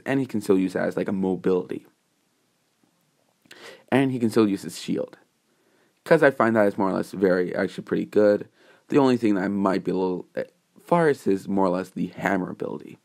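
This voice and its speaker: A man telling a fan story off the cuff, wandering through his sentences and correcting himself as he goes. His voice sits on the low side and the tone stays casual and unscripted. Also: vocal fry, a little mellow. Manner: rambling, with fillers and self-corrections. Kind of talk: casual improvised narration.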